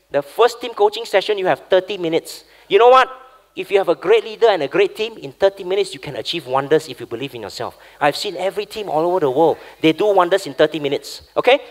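A man with a high, upbeat voice runs a live coaching workshop. He keeps the room moving, checks in with "okay?" after nearly every point, and speaks with a lot of push and energy. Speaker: workshop facilitator.

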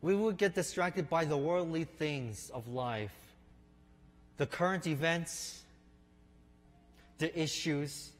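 A man preaching a sermon in an unhurried storytelling way, speaking to listeners as his friends. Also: on the high side. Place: church sanctuary. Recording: long reverb of a large hall.

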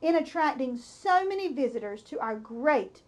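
A pompous male fair announcer, as a woman reads him aloud, booming out grand, formal praise in a high, lifted voice. He sounds loud and self-important, like a storybook official addressing a crowd. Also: lively intonation, moderate pace. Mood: grandiose.

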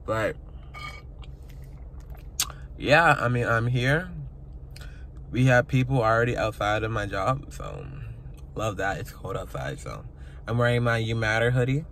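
A man's voice: medium pitch, expressive, normal speed, pauses often, fairly bright tone, a little hiss or hum. A young man talking casually to his phone camera, chatty and emotional, laughing at himself. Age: young adult. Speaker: vlogger. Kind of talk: casual vlog chat. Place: parked car outside his workplace.

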